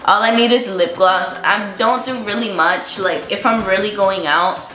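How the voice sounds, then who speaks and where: A young woman chats through a casual storytime while doing her makeup at home, filling every pause with likes and ums. Her voice is bright, and she says she is feeling sick. The room rings with echo, and faint music plays underneath. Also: mid-range voice. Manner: chatty, lots of likes and ums. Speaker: vlogger.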